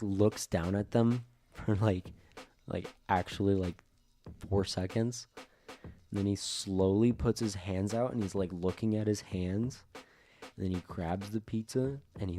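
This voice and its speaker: A young man co-hosts a podcast, telling stories in a casual, rambling way packed with fillers. His voice is lowish and mellow, and there's a little background noise.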